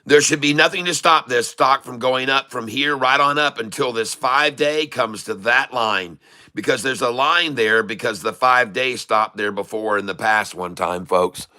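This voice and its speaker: A middle-aged man hosts live day-trading commentary in a mid-range voice at normal speed. He's excitable and folksy, repeating phrases for emphasis.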